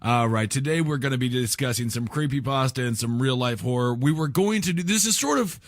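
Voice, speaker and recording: A man's voice: mid-range voice, expressive, fairly quick, no room sound, studio quality. A young man co-hosting a podcast, trading playful, laughing comedy banter. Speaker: podcast co-host.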